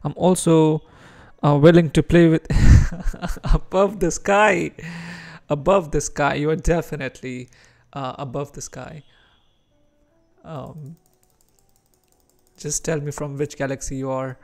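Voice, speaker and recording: A man's voice: fairly high pitch, level tone, a little slow, pauses often, darkish tone. A man from India with an Indian English accent mixed with American and British touches, chatting casually while streaming chess and reacting to his moves.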